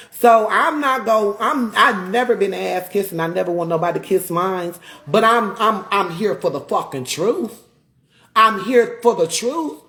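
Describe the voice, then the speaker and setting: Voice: mid-range voice, a bit bright. Heated, emphatic live-stream ranter. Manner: emphatic, repetitive, rhetorical questions; greets viewers mid-rant. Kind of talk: ranting live-stream commentary.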